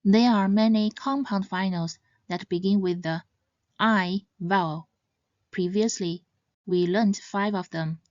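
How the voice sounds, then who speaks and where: A woman teaching Mandarin pronunciation in scripted narration, saying each example syllable louder and higher. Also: slow, no room sound. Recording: slightly dull, dry sound.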